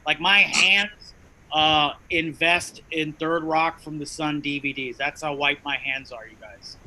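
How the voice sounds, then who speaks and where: A man co-hosting a comedy show, doing a rambling, self-mocking stand-up bit in a shrill, nasal voice. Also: flat delivery, unhurried, sharp tone, slight background noise, rough recording. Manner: rambling, self-mocking jokes addressed to "you guys". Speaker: comedy co-host.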